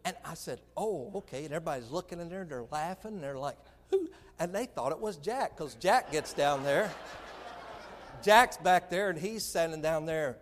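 Man, preacher, animated storyteller, fairly high voice, long echo of a hall. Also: moderate pace, a little hiss or hum. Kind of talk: sermon story.

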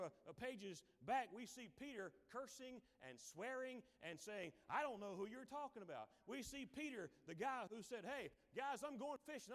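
A man preaching a Sunday sermon, acting out Bible figures in quick voices and breaking into hymn lines. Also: very high-pitched. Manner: dramatic, acts out Bible characters in voices. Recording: long hall reverb.

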